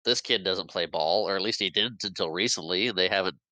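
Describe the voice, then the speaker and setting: A man's voice: low voice, a little fast, bright, forceful tone, dry recording, poor audio. A man co-hosting a podcast, chatting casually about a movie with wry asides and frequent laughs. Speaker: podcast co-host. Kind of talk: casual movie recap chat.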